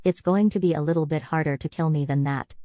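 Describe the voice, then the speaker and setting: Tough profane dad from a mafia audiobook, low-voiced, read by a woman narrator. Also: quick pace, warm tone, dry recording, clean studio sound, lightly acted. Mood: strained. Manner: blunt, swearing. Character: gruff middle-aged father, defiant and profane.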